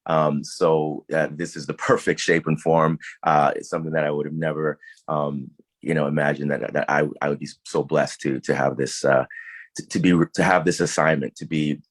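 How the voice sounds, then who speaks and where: A man's voice: extremely low pitch, little pitch movement, moderate pace, dry recording. A man, an actor, answering interview questions in a casual, thoughtful way with many fillers and restarts.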